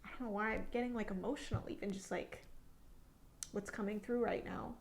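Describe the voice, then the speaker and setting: A woman's voice: mid-range voice, fairly quick, creaky, slight background noise. Female tarot reader, solo reading, musing delivery, near-whispered asides, frequent fillers. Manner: many fillers and restarts.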